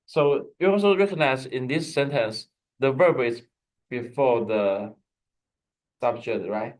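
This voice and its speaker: A man's voice: mid-range voice, a little slow, poor audio. A man teaching a Hebrew lesson over a video call, explaining patiently with frequent restarts and fillers. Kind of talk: online language lesson.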